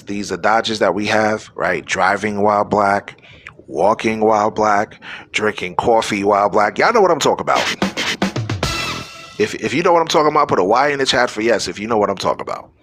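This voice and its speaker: A man with a lowish, fairly bright voice hosts a live-streamed news show, captured through a phone or webcam. He delivers preachy commentary, exhorting his audience.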